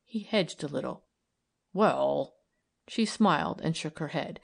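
A woman narrating a novel in a measured, even storytelling manner. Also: deep voice, creaky, slightly rough. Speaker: audiobook reader. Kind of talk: scripted narration.

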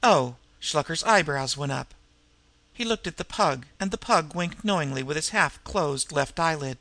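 A man narrating a story as an audiobook, in a steady, measured reading. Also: a little high, no echo.

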